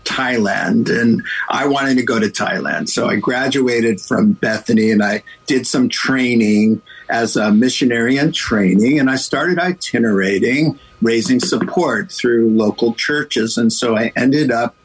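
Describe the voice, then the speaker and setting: A middle-aged male pastor telling a story as a guest in a radio interview, animated and playing out the voices of the people in it. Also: mid-range voice, unhurried, few pauses, husky, poor audio.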